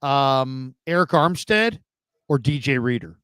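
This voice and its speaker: Sports panelist, male, opinionated, smooth and clear, dry close sound. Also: mid-range voice, animated, unhurried, a bit bright, dry recording. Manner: opinionated, thinking aloud with restarts. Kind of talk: casual sports talk.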